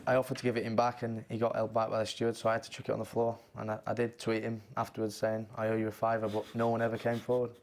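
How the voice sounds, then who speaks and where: A man, a footballer guest, telling a funny story in a quick, casual way. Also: fairly low pitch, monotone, a little mellow, a little hiss or hum. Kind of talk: casual anecdote.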